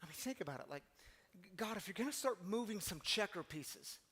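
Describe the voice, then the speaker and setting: A man's voice: sits high, very animated, brisk, vocal fry, a bit bright, breathy edge, in a large hall. A man preaching a sermon as pastor, conversational and emphatic, full of rhetorical questions.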